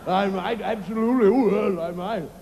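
A man's voice: high-pitched, normal speed, gravelly, darkish tone. A man playing a vain, preening man who boasts about his looks in a smug, self-satisfied way, live on a comedy club stage. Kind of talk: live stand-up character comedy. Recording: reverberant live venue, faint ambience.

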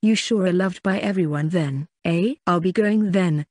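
Calm polite doctor read by a narrator, mid pitch, dry close sound. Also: moderate pace, no room sound, close to an everyday voice.

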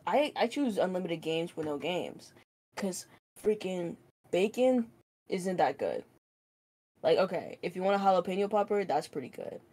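A woman's voice: on the low side, dark tone. A woman chatting casually with a friend, rambling and filling her talk with "like". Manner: rambling, heavy use of "like" fillers. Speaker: friend of the streamer. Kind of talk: casual chat.

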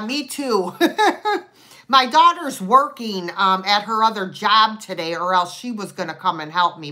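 Slow, bright-voiced chatty woman. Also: mid-range voice. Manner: chatty and rambling, with many fillers and warm greetings. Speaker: online vintage seller hosting a live sale. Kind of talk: casual live-stream chat, greeting viewers.

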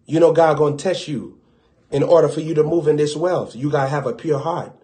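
A man's voice: on the high side, steady tone, fairly quick, mellow. Fervent Southern preacher, man. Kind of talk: sermon.

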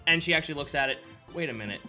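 A man's voice: on the high side, lively intonation, very fast, pushed and bright, soft background music. A man narrating as game master in a casual tabletop game, loose and chatty with many fillers.

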